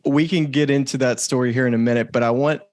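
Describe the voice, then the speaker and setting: A man in his thirties hosts a podcast, steering his guest with easygoing questions and frequent chuckles. His voice sits at a middle pitch. The recording is close and dry. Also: fairly even intonation, quick pace, darkish tone, no room sound. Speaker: podcast host. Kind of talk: casual interview chat.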